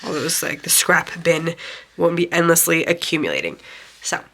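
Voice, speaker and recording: A woman with a stuffy, nasal voice from a lingering cold talks through a home craft tutorial. Her tone is bright and forward, a little low-pitched for a woman. She chats loosely and fills pauses with "um" as she works. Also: big pitch swings. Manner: chatty, rambling with fillers. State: congested, sick nasal voice. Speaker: craft channel host. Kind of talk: casual craft tutorial narration.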